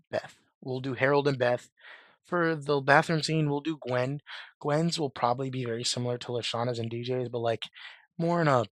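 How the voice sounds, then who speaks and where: Hoarse young man rambling casually. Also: mid-range voice, a bit bright, dry recording. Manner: rambling, lots of "like" and restarts, slangy. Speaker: fan commentator. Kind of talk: casual commentary.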